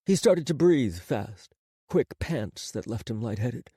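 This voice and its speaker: A man narrating an audiobook in a measured, dramatic scripted delivery on a close studio microphone. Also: medium pitch, animated, mellow, husky, dry recording.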